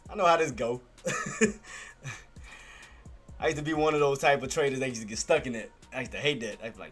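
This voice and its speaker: A man's voice: fairly high pitch, fairly quick, long pauses, fairly bright tone, soft background music. A man who streams about stock trading, talking casually and candidly to viewers, laughing often and using slangy everyday speech.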